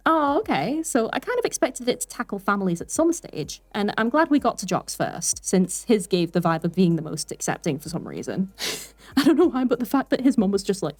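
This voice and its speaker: A young woman giving casual spoken commentary with chatty, animated asides and frequent laughter. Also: mid-range voice, normal speed, faint music behind. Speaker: art commentary YouTuber.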